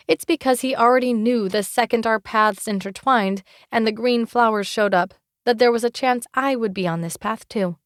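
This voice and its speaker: A woman narrating a fantasy romance audiobook in first person, wry and expressive, close to the mic. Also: mid-range voice, no echo.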